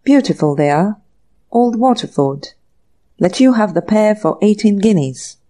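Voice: medium pitch, expressive, measured pace, warm tone, close to an everyday voice. A narrator voicing a truculent, very old woman shopkeeper with a forbidding, brusque manner in an audiobook.

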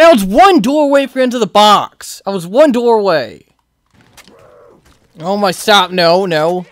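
A video game player giving live gameplay commentary, frustrated and swearing, swinging between loud outbursts and low muttering. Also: expressive, unhurried, dry recording, soft background music.

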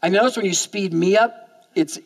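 A man preaching a sermon in church, talking fast and often repeating words as he goes. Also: sits high, breathy edge. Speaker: pastor.

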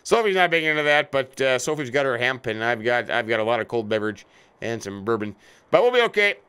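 A man's voice: medium pitch, very animated, fast, sharp tone, clean tone. A middle-aged American man casually commenting on a farming game, joking and talking to imaginary companions. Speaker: let's play host. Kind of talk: casual game commentary with role-play banter. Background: faint game vehicle sounds.

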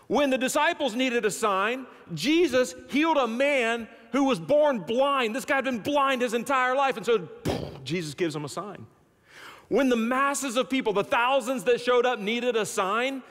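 Guy pastor preaching, swings loud and soft, folksy jokes, big church echo. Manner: animated storytelling with big swings in pitch and loudness; folksy, humorous asides. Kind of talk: sermon. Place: church sanctuary. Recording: long church-hall reverb.

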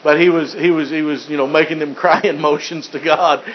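A man's voice: fairly high pitch, fairly even intonation, moderate pace, a little hiss or hum. A man preaching a sermon as pastor, joking and chuckling, with frequent restarts. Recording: dull lo-fi recording.

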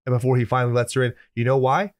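A man co-hosting a horror movie podcast, summarizing scenes with dry, deadpan jokes. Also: medium pitch, rapid-fire, no room sound. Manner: dry joking, deadpan asides. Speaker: podcast co-host. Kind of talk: casual movie review chat.

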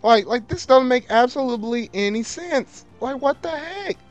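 A man hosting a let's play of a video game, grumbling in casual slang and breaking into loud, exasperated outbursts as the battle turns against him. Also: very high voice, lively intonation, moderate pace, dull audio, soft background music. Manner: casual slang, repeats himself. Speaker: gaming video host.

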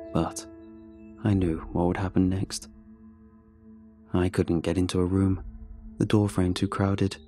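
A man narrates a scripted horror story in a measured, somber manner. His voice is low-set and dark, and faint music runs underneath.

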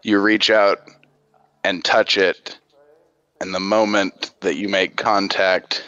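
A man running a tabletop game narrates in a deep, unhurried voice. The audio is dry and a little dull, like a lo-fi home mic. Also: little pitch movement, sharp tone, no echo. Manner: measured, descriptive narration. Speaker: game master.

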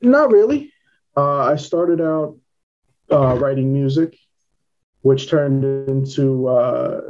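New york guy, mellow dark voice, matter-of-fact, kinda muffled audio. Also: mid-range voice. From Queens, New York. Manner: plain-spoken, matter-of-fact. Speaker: filmmaker guest. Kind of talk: casual interview.

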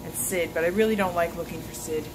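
A woman narrating and acting out a toy-play story in an expressive, worried way, with frequent gasps. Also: lowish voice, fast, noisy background.

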